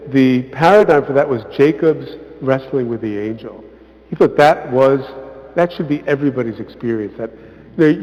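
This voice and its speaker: A priest talks to a parish audience in a relaxed, conversational way, often checking in with "right?" and putting lively emphasis into the quotes he acts out. His voice sits at an ordinary pitch for a man. It is recorded with muffled sound in an echoey church hall. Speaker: visiting priest speaker. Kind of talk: informal parish talk.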